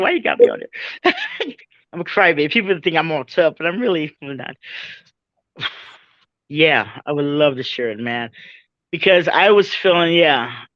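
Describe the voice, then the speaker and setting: A woman's voice: on the low side, no room sound. A woman guest telling a personal story with feeling, laughing often and calling her listener "man". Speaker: podcast guest. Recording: dull lo-fi dry sound.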